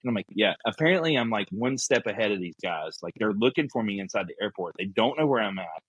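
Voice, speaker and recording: A man telling a story casually as a podcast guest, animated and acting out the people he quotes. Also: lowish voice, fast, husky, dry recording, dull audio.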